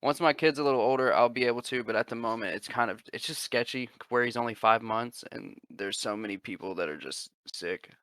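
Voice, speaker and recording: A man's voice: mid-range voice, a little fast, few pauses, no room sound. A man in his twenties hosting a casual podcast, swearing freely and acting out quotes as he tells stories. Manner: profane, animated storyteller who acts out quotes. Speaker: podcast host. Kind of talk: casual chat.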